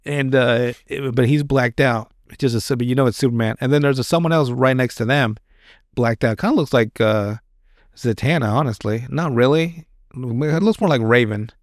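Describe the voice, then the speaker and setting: A man chats on a podcast in a loose, rambling way. He swears freely and restarts his sentences often. His voice sits at an ordinary middle pitch and sounds close and dry, with no room behind it. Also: moderate pace, dry recording. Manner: rambling and profane, with many restarts. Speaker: podcast host. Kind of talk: casual chat.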